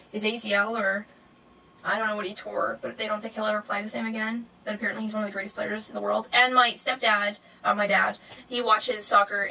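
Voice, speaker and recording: A young woman chats to her camera in a rambling, unscripted way, stumbling through fillers and corrections. Her voice sits a little high and sounds bright and sharp, and now and then it jumps up into an excited squeal. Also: rough recording. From Canada. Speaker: vlogger. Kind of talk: casual chatty vlog monologue.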